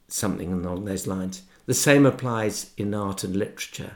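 A man raised in Ireland talks about his books and his past in an easy, rambling way. His voice sits fairly low, and a faint Irish lilt shows through a polished English accent. He corrects himself often as he goes. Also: fairly even intonation, moderate pace, few pauses. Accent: slight Irish lilt with English polish. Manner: rambling, anecdotal, self-correcting. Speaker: author guest. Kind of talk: casual interview chat.

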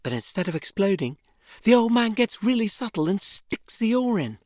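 A woman reading a first-person memoir aloud in a lively, wry, expressive way. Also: mid-range voice, moderate pace. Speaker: reader.

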